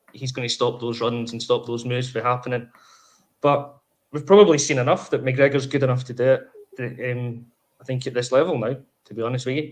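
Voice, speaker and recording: Guy on a football podcast, pretty monotone, chats away with strong opinions. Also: medium pitch. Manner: chatty, opinionated, fast-flowing. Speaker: podcast co-host. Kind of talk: casual football chat.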